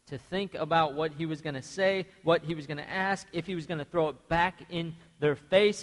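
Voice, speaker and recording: A man preaching a sermon in a church, passionately acting out the people in the story he tells. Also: on the high side. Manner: impassioned, acts out biblical speakers. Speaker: pastor. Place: church sanctuary. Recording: church sanctuary with long reverb.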